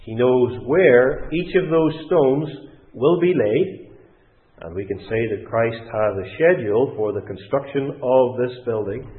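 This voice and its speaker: Male preacher, measured and emphatic, heard over a thin phone-like line. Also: mid-range voice. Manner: deliberate, emphatic, with rising stresses. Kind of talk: sermon. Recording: tinny phone-like sound in an echoey room.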